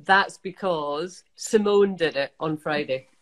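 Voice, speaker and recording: A woman's voice: low voice, slow, poor audio. A woman co-hosting a makeup vlog, trading dry, teasing jokes in casual banter. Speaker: co-host.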